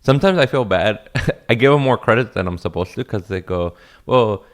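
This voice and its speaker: Laid-back swearing man, low voice. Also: lively intonation, moderate pace. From Los Angeles. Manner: laid-back, swears freely, laughs often. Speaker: comedian guest. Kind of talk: casual podcast chat.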